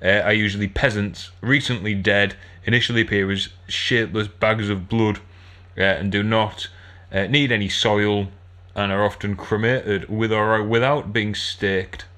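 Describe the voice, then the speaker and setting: Man, low-pitched, bright edgy tone, sardonic podcast co-host, crude one-liners. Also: fairly even intonation, moderate pace, hardly any pauses. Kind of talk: casual comedy podcast banter.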